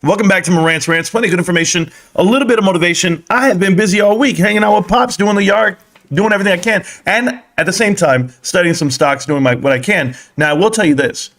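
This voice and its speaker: A man's voice: high-pitched, fast. Chatty man hosting a stock live stream. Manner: chatty, rambling, joking with his chat; gives shout-outs to viewers. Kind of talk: casual live stream chat.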